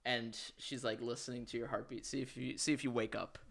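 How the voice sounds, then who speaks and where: A young man hosting a podcast and running an improvised tabletop game, animated and giggly, swearing freely. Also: mid-range voice, fairly quick, gravelly. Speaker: podcast host and game master. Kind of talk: improvised tabletop role-play.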